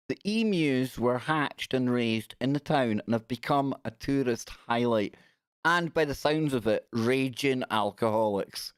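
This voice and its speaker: A man's voice: medium pitch, no echo, clean studio sound. A man hosting a casual live stream, chatty and jokey, giggling as he reads out news. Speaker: radio show host.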